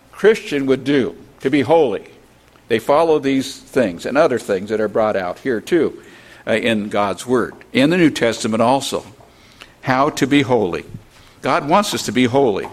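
An older man giving an informal Bible lesson, unhurried, reading scripture aloud and spelling out Hebrew words. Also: medium pitch, lively intonation. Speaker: Bible teacher.

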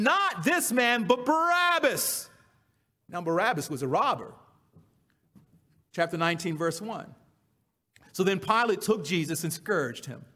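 A man preaching a sermon, reading scripture aloud and breaking off to explain it, swinging from loud emphatic cries to hushed near-whispers. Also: sits high.

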